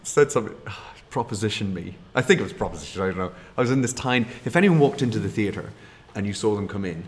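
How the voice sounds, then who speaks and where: A man's voice: lowish voice, lively intonation, fast, hardly any pauses. A middle-aged man, telling rambling, chatty anecdotes as a guest and laughing at his own tales. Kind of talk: casual anecdote.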